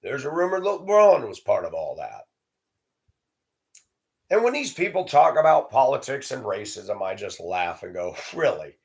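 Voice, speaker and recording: A man's voice: medium pitch, big pitch swings, moderate pace, gravelly, a little mellow. A man telling a sarcastic, profane story as a ranting monologue to camera. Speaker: vlogger.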